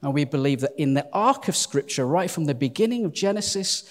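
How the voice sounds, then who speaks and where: A man leading a church, giving announcements and opening a sermon to his congregation in a lively, self-deprecating, joking manner. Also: fairly high pitch, a little fast, long reverb tail. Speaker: church leader. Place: church hall.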